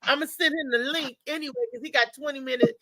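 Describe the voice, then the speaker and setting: A woman's voice: sits high, steady tone, quick pace, a crowd in the background, low-quality recording. A woman hosting a live show, chatting loosely and talking straight to her viewers. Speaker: host. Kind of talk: casual live show chat.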